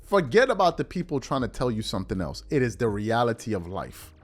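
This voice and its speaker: A man's voice: mid-range voice, sing-song, fairly quick, soft background music. A man hosting a sports podcast, giving emphatic, repetitive commentary on a clip he just played. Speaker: podcast host.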